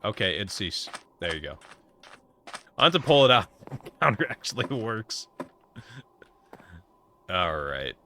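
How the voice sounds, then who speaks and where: A man with a fairly low voice livestreams a game, casually chatting and rambling to his viewers at an unhurried pace with long pauses. His pitch swings widely and his tone is sharp, though his voice sounds slightly sore. A faint hiss or hum sits under the recording.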